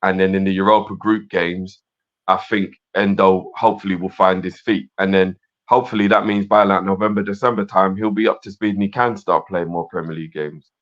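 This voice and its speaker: A very deep-voiced man co-hosts a chatty live stream, rambling with restarts and filler phrases. His sound is dull and lo-fi. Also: fairly even intonation, fairly quick. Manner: rambling, repeats words, fond of filler phrases. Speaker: co-host. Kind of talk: casual live-stream chat.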